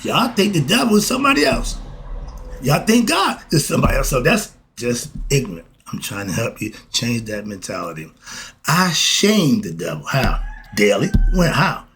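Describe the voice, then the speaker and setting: A man's voice: mid-range voice, big pitch swings, moderate pace, a bit bright, a little hiss or hum. A man, delivering a preachy spiritual monologue full of rhetorical questions. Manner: preachy, repetitive, rhetorical questions, chuckles between points. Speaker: channel host.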